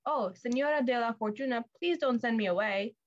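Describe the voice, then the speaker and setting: A woman reading a storybook, voicing a loyal, warm-hearted housekeeper who speaks earnestly. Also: fairly high pitch, fairly quick, dull audio, close to an everyday voice.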